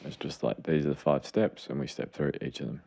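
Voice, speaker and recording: A middle-aged man with a very deep, gravelly, dark voice. He co-hosts a podcast and explains things earnestly and with open enthusiasm, in a casual tone. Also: steady tone, a little fast. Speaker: podcast co-host, clinician. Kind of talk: casual chat.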